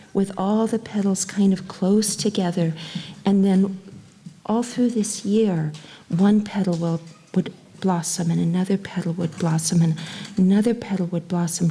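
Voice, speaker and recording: A woman teacher giving awards to young students at a graduation, speaking gently and brightening as she acts out little quotes. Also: mid-range voice. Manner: gentle, warm-hearted and animated, acting out little quotes. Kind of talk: speech at a school graduation.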